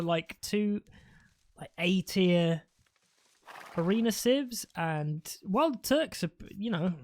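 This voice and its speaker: A woman with a darkish, mid-range voice provides casual live commentary on a strategy game. As an esports caster, she rambles loosely, curses freely, and chuckles at her own jokes.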